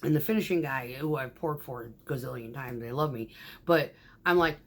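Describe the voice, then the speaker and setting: A woman who drives a concrete mixer truck, telling profane, animated stories about her workday in a casual vlog. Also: very deep voice, moderate pace, slight background noise. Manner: profane, animated, acts out quoted voices.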